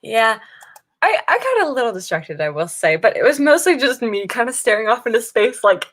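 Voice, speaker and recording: A woman's voice: fairly high pitch, sing-song, fairly quick, fairly bright tone. A young woman hosting a writing livestream, chatting casually and rambling with restarts, giggling often, tired and loopy from the early morning. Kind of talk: casual live-stream chat, reading viewer comments.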